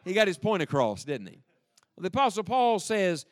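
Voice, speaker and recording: A man's voice: high-pitched, very animated, normal speed, no echo, studio quality. A man preaching a sermon with emphasis and joking asides, leading the congregation to read aloud with him. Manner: leads the congregation in reading aloud. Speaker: pastor.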